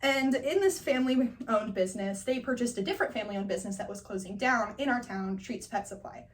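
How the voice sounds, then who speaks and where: A young woman from Northern California telling a funny personal story, animated and laughing often as she acts out the people in it. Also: fairly high pitch, brisk, far from the mic. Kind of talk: personal storytelling, class assignment.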